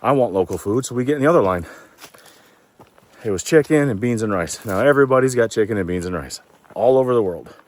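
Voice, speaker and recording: Man, low voice, out of breath, folksy storyteller, hiking outdoors, casual vlog. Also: lively intonation, quick pace, a little mellow. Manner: chatty, loose and folksy, swears casually. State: out of breath from climbing. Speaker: thru-hiker vlogger.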